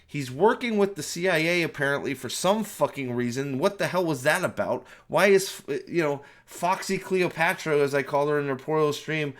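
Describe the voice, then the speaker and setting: Man, high-pitched voice, exasperated rant, profane, stumbling restarts, movie review at home. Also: a bit bright. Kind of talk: ranting spoiler review.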